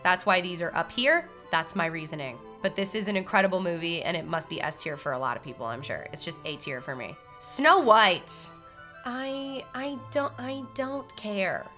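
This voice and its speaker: A young woman with a bright, clear-edged voice talks through her opinions in a loose, chatty vlog style. She is expressive and keeps dropping in fillers as she goes. Soft music plays faintly underneath. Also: lowish voice, normal speed, hardly any pauses. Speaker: YouTuber ranking movies.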